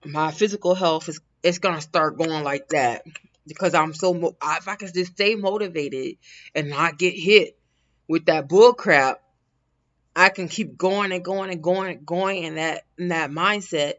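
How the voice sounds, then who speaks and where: A woman's voice: fairly low pitch, unhurried, fairly bright tone. A woman hosting a casual livestream, talking in a rambling way with frequent laughs and restarts. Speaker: livestream host. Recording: dull lo-fi sound.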